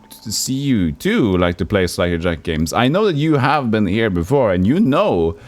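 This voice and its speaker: Joking male game streamer. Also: on the low side. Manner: rambling, joking, mimics characters. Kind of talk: casual gameplay commentary.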